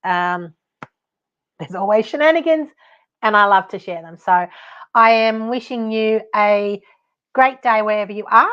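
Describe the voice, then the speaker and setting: A woman's voice: medium pitch, unhurried, pauses often, fairly bright tone, smooth, dull audio. Blunt, chatty Australian woman podcaster. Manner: blunt, chatty, laughs at her own stories. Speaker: podcast host and buyer's advocate. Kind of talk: casual solo podcast talk.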